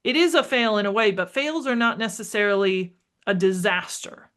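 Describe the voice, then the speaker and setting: A middle-aged woman, a marketing strategist, talking as a podcast guest, energetic and emphatic, acting out bits of dialogue. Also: medium pitch, moderate pace. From United States. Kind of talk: conversational interview.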